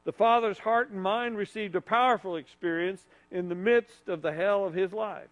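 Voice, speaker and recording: An earnest preacher with a high voice for a man delivers a sermon. He leads his listeners in repeating lines together and drops to a soft, low voice to make a point. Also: normal speed, poor audio. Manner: leads the congregation in call-and-repeat phrases.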